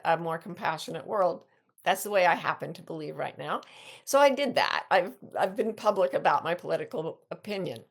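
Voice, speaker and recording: An older woman talks through a reflective, casual show with a low, gravelly voice. She tells her stories in an animated way and often breaks off to restart a sentence. She sounds like a seasoned host. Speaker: podcast host and life coach.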